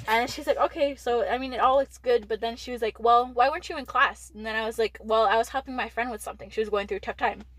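Speaking fast in a fairly high, fairly bright voice, this teenage Texan woman co-hosts a podcast and recounts something from school. She rambles casually, leaning on "like" and cursing often. She's in her late teens, and the recording is rough.

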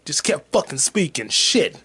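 A man hosting a podcast, ranting casually and profanely about a heckler, repeating himself and swinging between low mutters and shouts. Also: sing-song, a little slow, breathy edge. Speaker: podcast host and stand-up comic. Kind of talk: casual rant.

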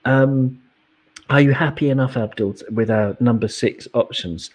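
Husky man explaining patiently. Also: mid-range voice, unhurried, darkish tone. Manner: explains pronunciation step by step, teacherly. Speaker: podcast host. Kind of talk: casual podcast chat.

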